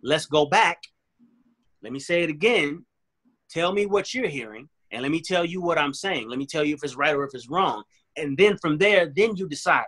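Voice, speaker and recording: A man's voice: a little high, animated, a little fast, a bit bright. A man guest in a candid interview, talking earnestly and acting out both sides of an argument as he tells it.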